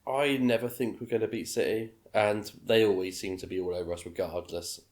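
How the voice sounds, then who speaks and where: Deep-ish guy on a podcast, offhand and matter-of-fact. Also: steady tone, brisk, darkish tone. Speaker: podcast co-host. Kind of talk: casual chat.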